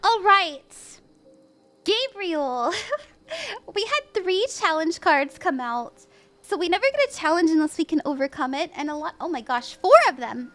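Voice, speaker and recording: A young woman reading tarot on a live stream, gentle and reassuring, laughing easily. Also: sits high. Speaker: tarot reader.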